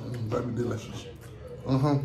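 A man's voice: mid-range voice, fairly even intonation, brisk, reverberant, crowd noise, rough recording. A middle-aged man from Chicago with a Chicago accent, hosting a casual mukbang with his grandchild in a laid-back way. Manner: laid-back, keeps saying "you know what I'm saying". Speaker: host, grandfather.

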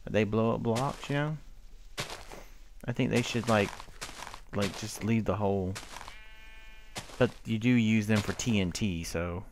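A man's voice: on the low side, unhurried, long pauses, background noise. Chatty man narrating a block game. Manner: chatty, talks to his in-game sheep and mobs, hums. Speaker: gameplay commentator. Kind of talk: casual gameplay commentary.

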